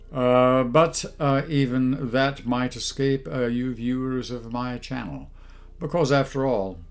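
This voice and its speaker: A man hosting a comedy channel, talking down to his viewers in a haughty, put-on posh voice as a mock-pompous monologue. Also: mid-range voice.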